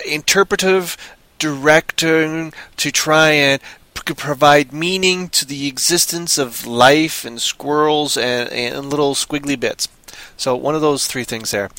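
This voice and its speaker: High-pitched, ranting man reviewing movies. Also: a little slow, no room sound. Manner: animated, ranting, sarcastic. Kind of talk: casual podcast chat.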